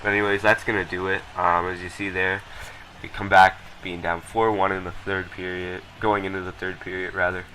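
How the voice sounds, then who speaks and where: A young man with a low yet bright, forceful voice talks through his gameplay footage in a loose, rambling way. He fills gaps with ums and uhs and doesn't shy away from swearing. A faint noise sits under the recording. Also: low-quality recording. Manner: rambling, lots of ums and uhs, blunt and profane. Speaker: gameplay commentator. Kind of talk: casual gameplay commentary.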